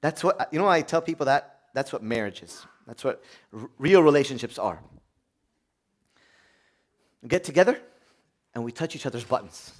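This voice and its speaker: Animated man preaching a sermon. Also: normal speed, long pauses. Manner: animated, swings from loud high urgency to quiet low asides.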